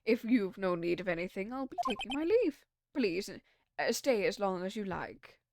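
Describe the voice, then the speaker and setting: A woman's voice: medium pitch, big pitch swings, normal speed, noisy background. Woman putting on a stiff British bellboy. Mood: polite. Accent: put-on British. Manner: formal, hesitant, deferential. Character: polite stiff male hotel bellboy. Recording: game music behind.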